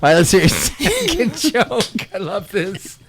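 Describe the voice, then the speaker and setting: A man's voice: high voice, wildly swooping pitch, measured pace. Easily amused guy hosting a radio chat, voice all over the place, noisy hiss behind. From California. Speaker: radio host. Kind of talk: casual comedy radio chat. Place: radio studio.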